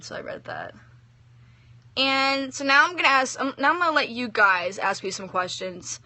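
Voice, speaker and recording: A woman's voice: medium pitch, bright, forceful tone, no room sound. A young woman, an online story writer, reading her work aloud and chatting casually with viewers, giggly and full of "like" and "um".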